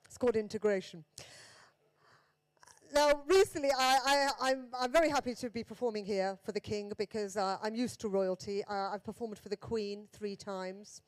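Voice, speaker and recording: Speaking at a medium pitch, an English comedian with a Birmingham accent does stand-up. Her set is chatty and pokes fun at herself, with rapid asides thrown to the crowd.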